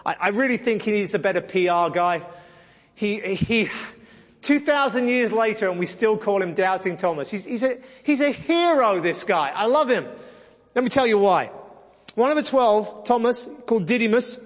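High-voiced man preaching in an echoey hall. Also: expressive, normal speed, highs cut off. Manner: conversational, emphatic preaching with playful asides. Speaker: pastor. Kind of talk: sermon.

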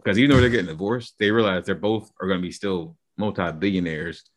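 Deep-voiced argumentative podcast man. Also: quick pace. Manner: argumentative, lays out theories at length. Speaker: podcast co-host. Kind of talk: casual chat.

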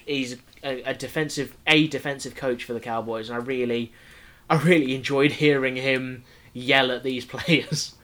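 Male co-host, bright tone, casual rambling football talk. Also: medium pitch. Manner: rambling, lots of fillers and restarts. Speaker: podcast co-host. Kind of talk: casual sports chat.

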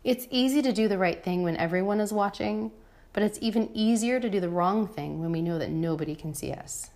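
A woman's voice: medium pitch, fairly quick, darkish tone. A woman in her thirties, a mother, reading her own personal essay aloud in a frank, wry and irreverent way. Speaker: mother of a toddler.

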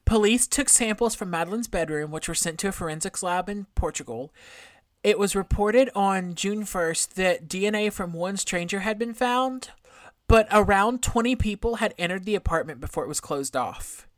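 A woman's voice: medium pitch, normal speed, no echo, studio quality. A woman co-hosting a true crime podcast, going through the case with casual swearing. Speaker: podcast co-host.

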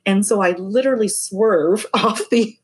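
A woman's voice: medium pitch, normal speed, husky. A middle-aged woman, a massage therapist, telling a story in casual chat and acting out the voices of people she quotes. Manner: chatty, acts out quoted voices.

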